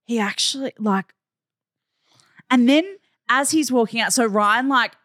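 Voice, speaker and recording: A woman, co-hosting a casual chat and telling a story in an animated, swearing-laced way. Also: on the high side, unhurried, no room sound, studio quality. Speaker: podcast co-host.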